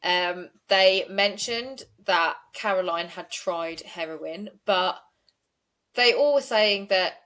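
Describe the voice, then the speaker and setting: A woman's voice: on the low side, takes it slowly, a bit bright. A woman, co-hosting a true-crime podcast and retelling court events in a chatty way full of "like". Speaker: podcast co-host.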